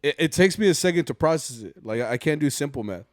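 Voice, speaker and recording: A man's voice: a little high, expressive, fast talker, dry recording, studio quality. A young man co-hosting a podcast, chatting casually in a rambling, slangy, self-mocking way. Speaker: podcast co-host. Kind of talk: casual chat.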